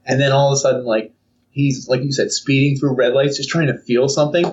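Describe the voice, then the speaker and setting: His mid-range voice is flat and fairly quick as he co-hosts a casual podcast, rambling through a story and mimicking silly voices. He's a young man, recorded on a distant, dull lo-fi mic.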